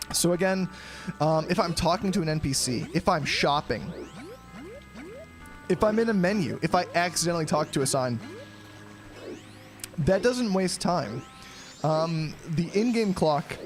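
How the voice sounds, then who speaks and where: A young man casually commenting on his own gameplay during a live stream, rambling and chatty, often clearing his throat. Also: on the high side. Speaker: game streamer. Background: game music.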